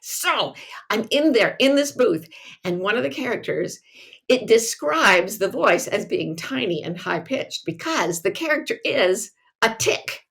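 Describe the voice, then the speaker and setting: A woman hosting a casual podcast who tells stories in an animated, self-mocking way and laughs often. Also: fairly high pitch, a little slow, gravelly. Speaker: podcast host.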